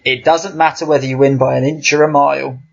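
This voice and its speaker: A man's voice: mid-range voice, little pitch movement, fast talker, creaky. Wry man on muffled podcast audio. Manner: wry, dry joking. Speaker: podcast co-host. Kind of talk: casual chat.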